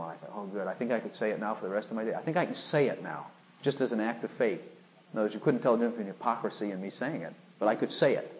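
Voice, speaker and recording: A man's voice: lowish voice, a little hiss or hum, rough recording. A man preaching, telling a personal story earnestly, acting out voices and sometimes breaking into extravagant singing. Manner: earnest storytelling, acts out his own lines, bursts into extravagant sung phrases. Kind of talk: sermon testimony.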